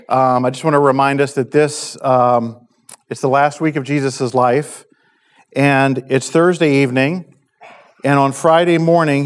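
A male pastor delivers a sermon at a measured, halting pace. He pauses often and leans on filler sounds as he works through his points. His voice sits at an ordinary middle pitch. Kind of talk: sermon and prayer.

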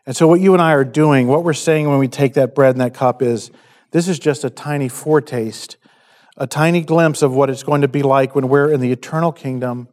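An earnest male pastor preaching to a church congregation at communion. He speaks at an even middle pitch, unhurried and full of small ums, and reads scripture aloud. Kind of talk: communion sermon. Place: church sanctuary.

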